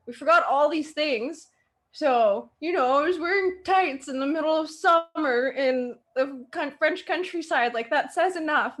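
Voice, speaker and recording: High-voiced laughing young woman. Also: a bit bright. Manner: laughing, defensive, quick interjections. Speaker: streamer. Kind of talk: casual chat.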